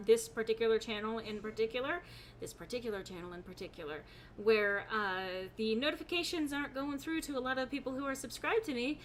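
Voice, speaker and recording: Bright, giggly woman streamer. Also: fairly high pitch, slight background noise. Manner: laughs often, reads chat aloud, rambling. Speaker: gaming streamer. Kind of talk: casual live-stream chat.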